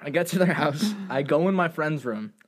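Animated, profane young man telling a story. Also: normal speed. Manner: animated, profane, jumps into high voices for quoted lines. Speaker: storyteller guest. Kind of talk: casual chat, telling a funny story.

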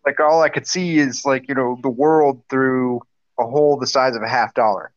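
A man who is an army veteran guest, talking casually on a podcast in a halting, profane way. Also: medium pitch, fairly even intonation, no echo. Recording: dry, muffled lo-fi audio.

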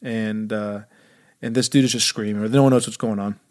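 A man's voice: on the low side, steady tone, fairly quick, a little mellow. A man chatting as a podcast guest, telling stories in a rambling, profane, comic way. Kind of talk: casual chat.

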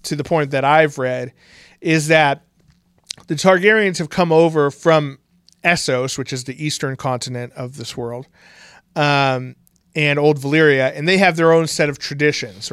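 Rambling man recapping a show, smooth voice. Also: steady tone, measured pace, a bit bright, no room sound, clean studio sound. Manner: rambling, many fillers and restarts, breaks into mocking high voices for quotes. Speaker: podcast co-host. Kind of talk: casual fan chat recapping a TV series.

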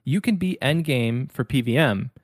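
A man's voice: medium pitch, expressive, normal speed, no room sound. Easygoing male podcast co-host, dry close mic. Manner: easygoing, explanatory, teasing. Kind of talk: casual gaming podcast chat.

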